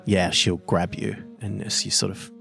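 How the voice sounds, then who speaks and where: A man narrates a horror tabletop game as game master, measured and a little hesitant. His voice is low and gravelly, and faint music plays under him. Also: level tone, sharp tone.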